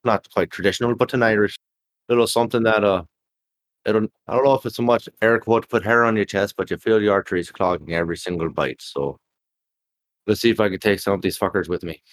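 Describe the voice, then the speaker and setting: Lowish voiced guy playing a tabletop game, wry jokes, dry mic. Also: quick pace, no echo. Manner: wry, joking asides. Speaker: player.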